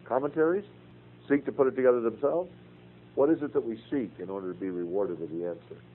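A man's voice: mid-range voice, quick pace. An older man teaching a Bible class, earnest and folksy, telling personal stories between scripture quotes. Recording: tinny phone-like radio broadcast with faint hum.

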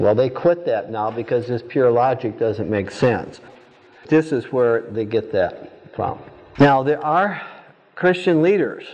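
A man's voice: medium pitch, a little mellow, muffled recording. A man teaching a Bible study class, firing pointed questions at his students and answering them himself.

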